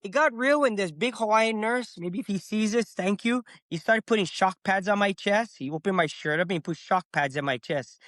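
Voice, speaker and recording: A man's voice: sits high, normal speed, few pauses, dry recording. A middle-aged man telling his own story on a podcast, acting out what he said at the time. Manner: animated, acts out his own past words. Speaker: podcast guest. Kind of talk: casual storytelling.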